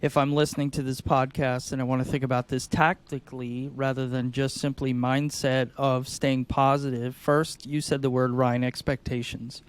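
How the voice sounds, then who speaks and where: A man co-hosting a podcast, explaining sales tactics in an energetic, conversational way and acting out sing-song phone calls. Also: mid-range voice, moderate pace, hardly any pauses, clear, resonant tone.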